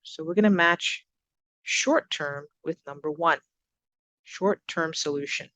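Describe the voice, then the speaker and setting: A woman teaching English to learners, giving example sentences and repeating words slowly with exaggerated stress. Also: deep voice, a bit bright, no room sound. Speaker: ESL teacher. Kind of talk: recorded English lesson.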